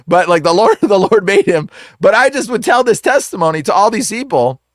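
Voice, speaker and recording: A man who is a guest on the show, telling a story in a casual, slangy way full of "like" and "bro", animated and acting out the voices in it. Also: high voice, fairly quick, dry recording, studio quality. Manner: slangy, fills speech with "like" and "bro". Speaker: exorcist guest.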